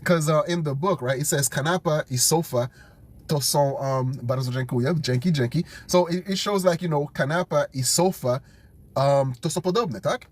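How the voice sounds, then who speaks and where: A man studying vocabulary out loud, thinking aloud, repeating words and making up memory tricks in a casual chat. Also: fairly high pitch, normal speed. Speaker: language learner streaming his study session.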